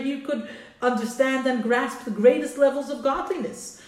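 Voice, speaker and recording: A woman's voice: high voice, normal speed, darkish tone. A woman teaching a Torah class, who reads Hebrew lines from a text and translates them with informal asides. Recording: roomy echo.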